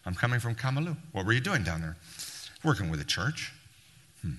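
A man telling a church group a lively story, a little sarcastic, acting out both sides of the dialogue. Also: fairly low pitch, a little fast, pauses often. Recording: long hall reverb.

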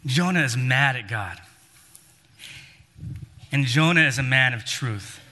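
A man's voice: mid-range voice, lively intonation, slow pace, bright, forceful tone. A man preaching a sermon, telling a story and acting out the lines he quotes with emphasis that rises and falls. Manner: storytelling, voices quoted figures with rising and falling emphasis. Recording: long hall reverb.

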